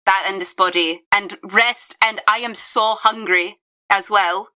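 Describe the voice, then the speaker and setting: A woman's voice: medium pitch, fairly even intonation, measured pace, pushed and bright, rough recording. A woman playing a tabletop game, talking in a direct, somewhat cranky way. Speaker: player. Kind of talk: tabletop role-play chat.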